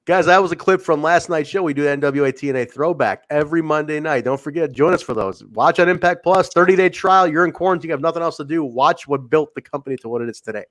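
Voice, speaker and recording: A man from the American Midwest hosting a wrestling podcast, joking in sarcastic, animated banter with his co-hosts. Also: on the high side, fast talker, hardly any pauses. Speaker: podcast host. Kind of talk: casual wrestling podcast chat.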